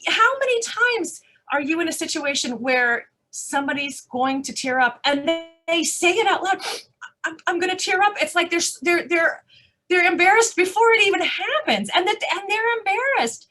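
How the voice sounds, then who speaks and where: A woman conference speaker answering audience questions, animated and emphatic, with rhetorical questions and frequent restarts. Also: very high-pitched, moderate pace. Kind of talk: live Q&A answers.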